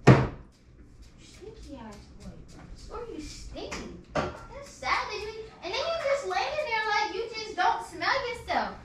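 Young woman vlogger, very high, lively voice, exasperated scolding, echoey bedroom from a distance. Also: slow pace, very noisy. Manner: scolding, repeats herself, loud and exasperated. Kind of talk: casual prank vlog banter. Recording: echoey room, mic at a distance.

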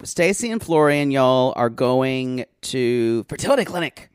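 Man, podcast co-host, animated storytelling, very lively pitch, dry close sound. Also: unhurried, clean tone, dry recording. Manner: animated storytelling, quoting cast members. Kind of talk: casual chat recapping reality TV.

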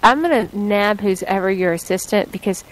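A woman's voice: mid-range voice, normal speed, poor audio. Chatty radio host woman, playful Southern drawl. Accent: put-on Southern US. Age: middle-aged. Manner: chatty, rambling, laughs often. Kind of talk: casual radio chat.

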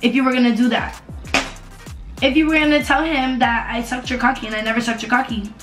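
A woman telling a casual storytime on camera, animated and profane, repeating herself for emphasis. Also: on the high side, fairly quick. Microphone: camera mic. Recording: roomy echo, faint music behind.

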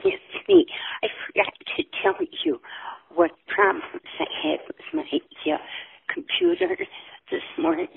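An older woman leaving casual voicemails for her son. She is affectionate, pauses often on uh, and has a raspy voice. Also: high voice. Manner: affectionate, hesitant with many uh pauses. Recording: tinny phone voicemail line.

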